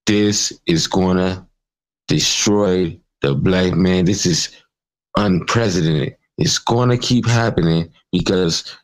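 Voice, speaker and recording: Speaking slowly in a low voice, this man hosts his own channel and fires off a mocking, foul-mouthed, furious commentary rant. Audio quality is poor.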